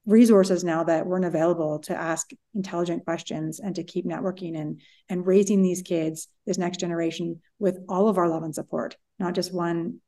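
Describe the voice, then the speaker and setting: A woman's voice: fairly low pitch, steady tone, moderate pace, hardly any pauses, mellow. A woman therapist co-hosting a podcast, giving direct advice in casual chat.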